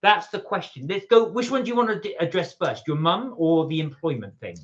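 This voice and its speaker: Lively man reading the live chat. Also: a little high, brisk, muffled recording. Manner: chatty, reads viewer comments aloud. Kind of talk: casual live-stream chat.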